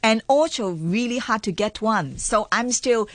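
Lady co-hosting a casual chat, halting with lots of fillers, dry sound. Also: fairly high pitch, lively intonation, dry recording. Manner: halting, many fillers, joking. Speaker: co-host.

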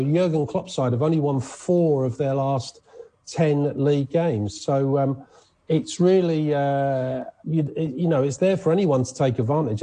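A man's voice: medium pitch, slightly rough. A man presenting sports news in a chatty, conversational way on radio. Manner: chatty, conversational, animated asides.

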